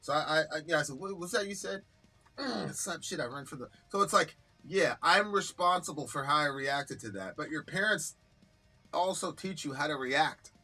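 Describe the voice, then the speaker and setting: A man co-hosting a live stream, talking bluntly with a lot of profanity and animated storytelling. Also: on the high side, moderate pace, faint music behind. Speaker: co-host of a live reaction stream. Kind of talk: casual heated discussion.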